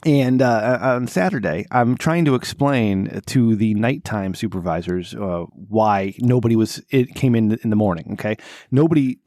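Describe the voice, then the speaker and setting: A man co-hosting a podcast, telling a long story in casual chat, swearing freely and jumping to a high, exasperated voice when he quotes himself. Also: normal speed, no room sound, studio quality. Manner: animated, profane, voice jumps high when exasperated. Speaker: podcast co-host.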